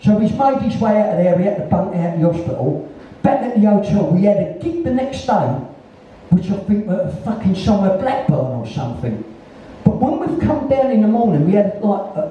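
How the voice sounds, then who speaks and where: A man's voice: sits high, sing-song, moderate pace, a little hiss or hum. A man of about sixty with a London Cockney accent, a guest at a live onstage conversation, telling a blunt, rambling story full of swearing. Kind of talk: anecdotal storytelling. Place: live music venue, in front of an audience. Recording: echoey venue, distant and dull.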